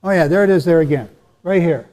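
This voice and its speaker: A man's voice: on the high side, fast talker, a little mellow. A man giving a casual Bible lecture with slides to an audience, repeating and stressing words as he talks to them directly. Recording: echoey hall.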